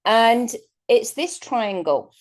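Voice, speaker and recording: A woman's voice: fairly high pitch, expressive, slow pace. A woman giving a chatty, rambling workshop talk as a guest speaker over a video call, often breaking into laughter. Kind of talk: online workshop presentation.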